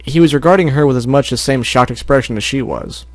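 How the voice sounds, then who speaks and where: A man's voice: mid-range voice, quick pace, no room sound. A man reading fan fiction aloud as an amateur audiobook, sometimes stumbling and correcting himself. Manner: narrates with stumbles and self-corrections.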